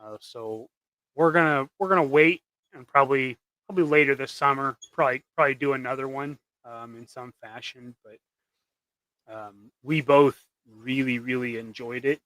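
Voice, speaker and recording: While painting custom action figures on a live stream, a man jokes and rambles with his viewers, restarting his sentences often. His mid-range voice comes at a moderate pace, pushed and bright, in a dry recording.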